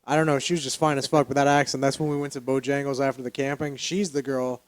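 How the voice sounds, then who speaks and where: A man's voice: mid-range voice, level tone, fast, dry recording. Young man, podcast co-host, blunt profane storytelling, dry close mic. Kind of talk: casual chat.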